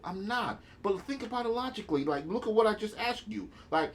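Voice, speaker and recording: A man's voice: high-pitched, brisk, hardly any pauses, a little hiss or hum. A man co-hosting a podcast in casual chat, arguing his points emphatically, step by step. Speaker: podcast co-host.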